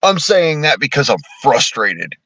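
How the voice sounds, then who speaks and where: A man's voice: medium pitch, very animated, measured pace, sharp tone, slightly rough, no room sound. A man in his thirties ranting angrily about politics, profane, heated and sarcastic. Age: 30s. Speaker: streamer. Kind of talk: angry political rant.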